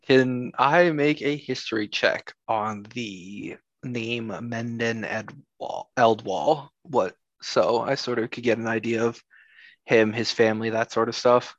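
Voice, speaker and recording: A man's voice: medium pitch, steady tone, slow, dry recording, muffled recording. A man playing a tabletop game, talking casually and bluntly with the game master. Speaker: player.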